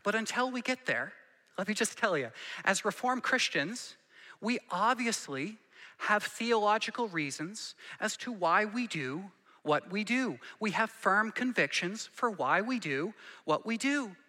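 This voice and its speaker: Brief: male pastor preaching, ringing high voice, echo of a big sanctuary, repeats points for emphasis. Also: animated, a little slow, sharp tone. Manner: conversational preaching with rhetorical questions and emphatic repetition. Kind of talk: sermon.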